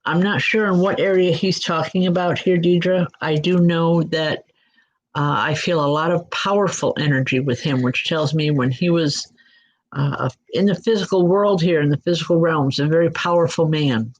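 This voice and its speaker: A woman working as a psychic medium, giving spirit readings in a gentle, reassuring way and speaking straight to listeners by name. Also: deep voice, fairly even intonation, normal speed. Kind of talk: live spirit readings and announcements. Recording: dull lo-fi recording.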